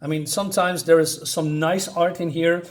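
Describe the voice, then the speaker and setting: Man, comic book reviewer, casual chat, hesitant, many fillers, fairly high voice. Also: steady tone, normal speed.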